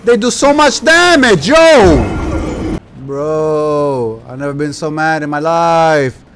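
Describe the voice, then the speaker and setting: A young man giving live gameplay commentary, exasperated and yelling at the game, with mild cursing. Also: on the high side, lively intonation, slow pace, background noise. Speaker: gaming YouTuber.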